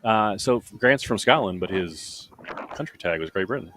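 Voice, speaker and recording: A lower-voiced man calls an obstacle race live from the course. He wanders into long stories and bursts with excitement when competitors help each other. Faint outdoor noise hums under the mic. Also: normal speed. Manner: excitable, rambling storyteller. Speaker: livestream commentator.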